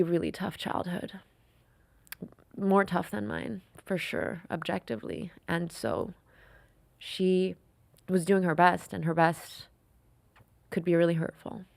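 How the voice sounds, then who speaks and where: A woman in her thirties is talking candidly as a podcast guest, with a gravelly edge to her voice. She tells personal stories earnestly and lets her voice sink to a hush in the tender parts. The recording is dry and close. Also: mid-range voice, no room sound. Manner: earnest, emotional storytelling, softening to near whispers. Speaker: guest, film writer and director.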